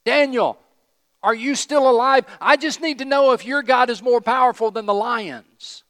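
A man's voice: very high-pitched, normal speed, a bit bright, long reverb tail, pitched above the performer's own voice. A man reading aloud as an anguished ancient king calling out in a pleading voice. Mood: anxious.

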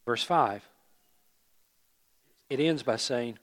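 A man preaching a sermon as pastor, earnest, rising to emphatic peaks and falling to hushed phrase endings. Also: medium pitch, extremely slow. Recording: hall reverb.

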